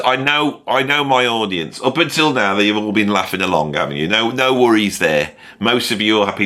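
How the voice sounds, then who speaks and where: A middle-aged man talks through a ranked list of musicians. His voice sits low but swings animatedly up and down, with a bright, forceful edge. He rambles and digresses, firing off opinionated asides. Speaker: music commentator. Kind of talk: casual ranked-list commentary.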